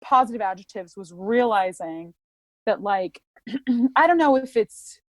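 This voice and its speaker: A woman's voice: medium pitch, lively intonation, measured pace, no echo. A woman, an opera singer, talking candidly in an interview, reflective and earnest, with many "like" fillers. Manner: reflective, earnest, heavy use of "like".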